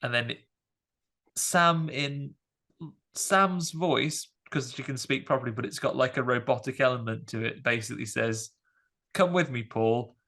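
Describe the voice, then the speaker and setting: A man talks through a film's plot in loose, animated podcast chat, his voice gravelly with a creaky edge. He leans on fillers and restarts as he hosts. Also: mid-range voice, normal speed. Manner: rambling, animated retelling with fillers. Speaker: podcast host. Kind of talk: casual film review chat.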